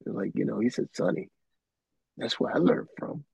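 Gravelly man telling stories. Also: medium pitch, animated, normal speed, dark tone, dry recording, low-quality recording. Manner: rambling anecdotes with many restarts and "man". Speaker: interview guest, keyboardist. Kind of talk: casual storytelling.

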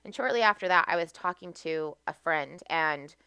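Woman, American, young adult, podcast guest, chatty storyteller, crisp clear voice, dry close sound. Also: sits low, animated, moderate pace, sharp tone, dry recording. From United States. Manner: chatty storyteller, laughs often. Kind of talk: casual podcast conversation.

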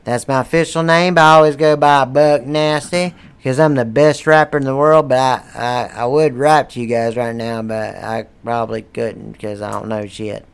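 A young man co-hosting a podcast, talking loud and crude, cracking jokes and cursing freely. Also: medium pitch, fairly even intonation, normal speed, creaky, few pauses, clear, resonant tone. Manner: rowdy, profane, joking. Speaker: podcast co-host. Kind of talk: crude casual chat.

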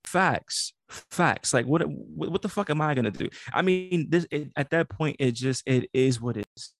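Gravelly man telling a story, slangy. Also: a little high, normal speed, dry recording, clean studio sound. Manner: animated storytelling, heavy slang, frequent laughter. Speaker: podcast co-host. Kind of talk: casual podcast chat.

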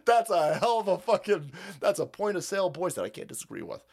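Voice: mid-range voice, huge pitch swings, fairly quick, creaky, darkish tone. A livestream host ranting about politics, reading out viewer comments and mocking them with heavy profanity. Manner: reads and mocks viewer comments.

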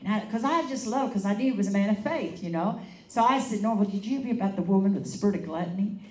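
Woman, evangelist, animated sermon storytelling, roomy echo, distant mic. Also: mid-range voice, quick pace. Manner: animated, laughing storyteller acting out quotes. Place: meeting hall. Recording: echoey room, mic at a distance.

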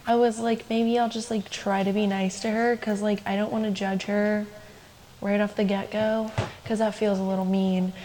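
A woman's voice: medium pitch, little pitch movement, moderate pace, dark tone, slight background noise, poor audio. A young woman co-hosting a podcast, telling a personal story in a loose, chatty way full of "like" and laughing asides. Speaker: podcast co-host. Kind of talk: casual storytelling chat.

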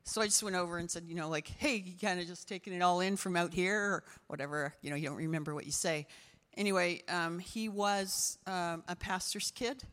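A woman pastor preaching through a string of testimony stories, with a bright, forceful voice. She restarts her sentences often and leaps up in pitch when she gets excited. Her voice rings with the long reverb of a big hall. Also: brisk. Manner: animated testimony, voice jumps high with excitement, frequent restarts. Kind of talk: sermon storytelling.

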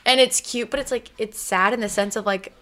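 A woman's voice: a little high, steady tone, brisk, sharp tone. A woman chatting casually about a TV episode, gushing and giggling, with lots of fillers. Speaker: episode reviewer. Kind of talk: casual chat.

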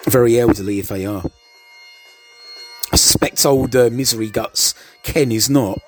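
A man's voice: medium pitch, normal speed, faint music behind. A man giving casual, hesitant commentary over an old TV show, stammering and adding chuckling asides.

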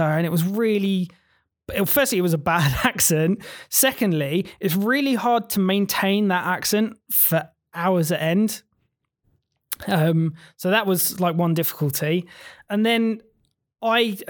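A teacher chatting casually on a podcast, earnest and rambling, often restarting sentences. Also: mid-range voice. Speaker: secondary school teacher.

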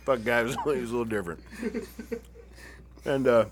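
Crowd noise surrounds a man of medium pitch who speaks briskly with fairly even intonation. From around Phoenix, Arizona, he's the one telling rowdy stories in a casual chat with friends, swearing heavily and laughing at his own tales.

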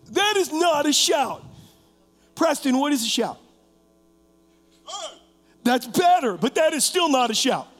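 A man preaching a sermon as pastor, animated, calling on members of the congregation and shouting out to show his point. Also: very high-pitched, unhurried, long pauses. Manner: shouts to demonstrate, rising to loud bursts. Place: church sanctuary. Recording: long hall reverb.

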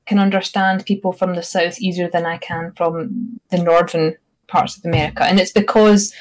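A woman from Scotland with a Scottish accent, co-hosting a casual podcast and explaining points in an animated way. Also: on the low side, moderate pace, poor audio. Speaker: podcast co-host.

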